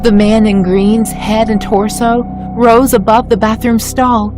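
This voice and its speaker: A woman reading a scripted first-person horror story in a measured, dramatic way. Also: on the high side, little pitch movement, music in the background. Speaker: story narrator.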